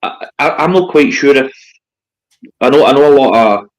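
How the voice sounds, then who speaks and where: A man's voice: mid-range voice, normal speed, rough recording. Scottish man, panel guest, dry joking, casual chat. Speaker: panel guest, paranormal investigator.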